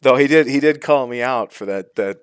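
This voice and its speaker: A man's voice: mid-range voice, fairly quick, clear, resonant tone, dry recording. Man, podcast guest, casual chat, self-mocking jokes, dry close sound.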